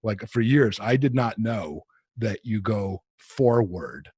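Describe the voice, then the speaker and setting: A man's voice: fairly low pitch, unhurried, a little mellow, breathy edge, no room sound. A middle-aged man with a New Jersey accent, a podcast host chatting casually and joking about himself. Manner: joking and self-deprecating, chatty. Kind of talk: casual interview chat.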